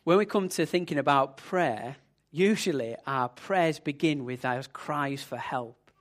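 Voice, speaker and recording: A man preaching a sermon in a relaxed, conversational storytelling manner with casual asides. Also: on the high side, a little slow.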